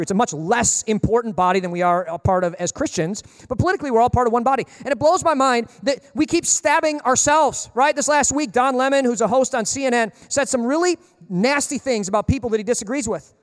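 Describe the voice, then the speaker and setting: A man preaches a sermon in a chatty, lively way, full of quick asides to the congregation. His voice sits very high for a man and he talks at a fast clip. A long reverb trails behind his words. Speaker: pastor.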